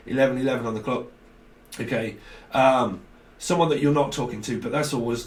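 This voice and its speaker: A man's voice: medium pitch, roomy sound. A man giving a casual, rambling tarot reading, swearing now and then and talking loosely. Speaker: tarot reader.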